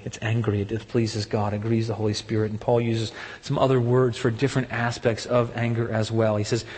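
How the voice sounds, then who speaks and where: A man delivering a sermon with strong, emphatic preaching. He leaps up in pitch when he mimics the excuses people make, then drops back to a mid-range voice. His words ring out with a long reverb, as if in a large sanctuary. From partly German heritage. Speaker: pastor.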